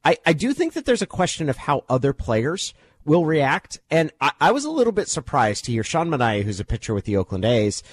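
A male host giving measured analysis in casual sports talk. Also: on the high side, wildly swooping pitch, dry recording.

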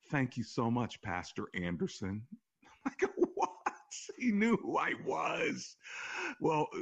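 Gravelly, animated man pastor on radio. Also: dull audio. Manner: animated storytelling with sudden rises in pitch. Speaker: pastor and radio show host. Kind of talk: call-in faith talk show.

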